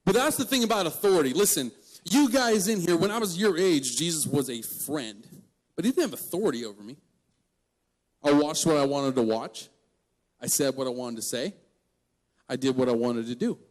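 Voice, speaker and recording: A man in his twenties giving a storytelling sermon to young people, animated and joking, laughing mid-story. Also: fairly high pitch, normal speed. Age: 20s. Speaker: guest youth speaker.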